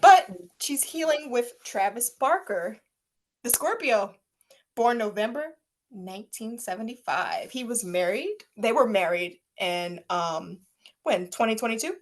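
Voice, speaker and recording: Animated young woman gossiping, higher voice. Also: unhurried. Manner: animated, laughing, mocking impressions. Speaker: podcast co-host. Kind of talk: casual gossip chat.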